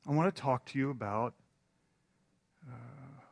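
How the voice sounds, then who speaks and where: A man's voice: medium pitch, measured pace, gravelly, breathy edge, no room sound. Rambling, self-deprecating preacher man. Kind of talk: storytelling sermon.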